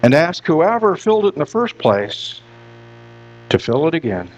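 A male pastor with a high voice preaches in an earnest, searching way, repeating words and restarting phrases as he presses his point. The recording is dull and lo-fi, with a steady mains hum underneath. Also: normal speed. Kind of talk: sermon. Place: church.

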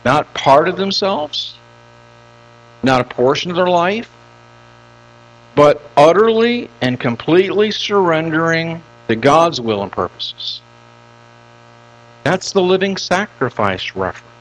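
A man's voice: fairly high pitch, animated, slow pace, long pauses, rough recording. An older man preaching a sermon as pastor, emphatic and repeating phrases for stress.

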